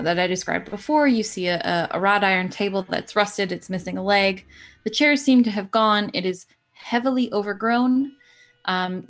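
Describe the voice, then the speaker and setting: Woman gm narrating spooky rpg scenes, easygoing, lots of ums, middle pitch. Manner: descriptive, unhurried, with fillers. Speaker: game master. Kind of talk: narrating a horror tabletop game.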